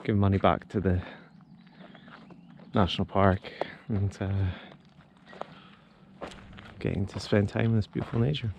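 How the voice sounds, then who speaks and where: A Scottish man in his thirties chatting casually as he walks a lochside trail, relaxed and a little out of breath from the climb. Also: fairly low pitch, unhurried, pauses often, highs cut off. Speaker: vlogger. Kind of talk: casual walking commentary. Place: outdoors on a lochside hill trail. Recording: outdoor phone recording with clear background noise. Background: wind and rural outdoor ambience.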